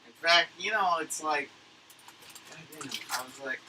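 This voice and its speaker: A man's voice: on the high side, measured pace, heavy background noise. A man rambling through a casual, profanity-laced monologue as a livestreamer at home at his computer. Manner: rambling, profane, filler-heavy. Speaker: livestreamer recapping a conference.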